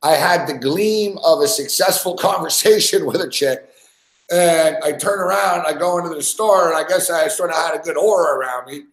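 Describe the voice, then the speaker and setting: A man rambling through a crude story, swearing constantly and stuffing his sentences with fillers. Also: on the high side. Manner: rambling, profane, lots of "like" and "fucking". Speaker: podcast host. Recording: echoey room.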